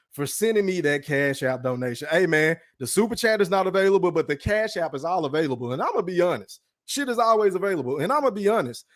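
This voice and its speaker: A man's voice: high voice, dry recording, studio quality. A man hosting his own podcast livestream, talking in a blunt, profane casual rant from his room and tagging his points with "right?". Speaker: podcast host.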